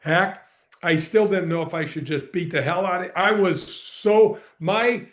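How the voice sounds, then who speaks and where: A middle-aged man tells his story on a podcast with energy and emphasis. His voice sits high for a man. He punches key words and keeps the telling moving. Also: a little slow. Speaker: podcast guest, former pro golfer and radio host. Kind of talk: animated storytelling in conversation.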